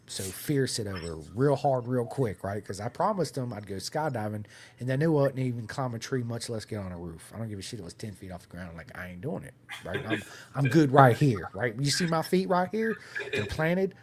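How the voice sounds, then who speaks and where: This is a man in the middle of a story, talking with big energy and dropping curse words freely. He keeps checking in with his listener, tagging his sentences with "right?" and "bro", and his voice sits at an ordinary pitch for a man. There is a faint hiss under him. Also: expressive, fairly quick. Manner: profane, punctuates with "right?" and "bro". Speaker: race team member guest. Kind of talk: animated storytelling on a podcast.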